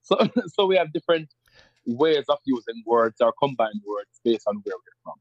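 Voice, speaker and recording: A man's voice: medium pitch, moderate pace, no echo. Jamaican man explaining in a dry lo-fi recording. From rural Jamaica. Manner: animated, repeats and restarts often. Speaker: podcast guest. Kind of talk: casual interview chat. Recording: dull lo-fi sound.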